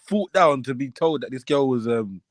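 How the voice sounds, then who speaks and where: A man's voice: mid-range voice, animated, normal speed. A man on a live online panel, brash and laughing, swearing freely. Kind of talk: casual live panel chat.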